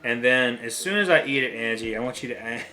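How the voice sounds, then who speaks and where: A man's voice: mid-range voice, animated, quick pace, sharp tone, faint music behind. A man chatting casually to camera for a couple's vlog, talking through a burning mouth with lots of ums. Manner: nervous, chatty, frequent ums. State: mouth burning from hot sauce. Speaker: vlogger.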